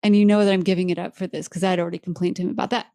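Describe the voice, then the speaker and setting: A woman's voice: fairly low pitch, fairly even intonation, racing, dark tone, no echo. Woman podcast host, candid and emotional storyteller, dry close sound. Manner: candid, heartfelt, laughs easily.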